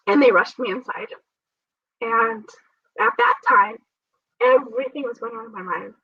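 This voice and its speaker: Husky-voiced woman telling her story. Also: fairly high pitch, dry recording. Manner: earnest, faith-filled retelling, often laughing. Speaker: transplant survivor guest. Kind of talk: personal storytelling interview. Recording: dull, dry sound from a distant mic.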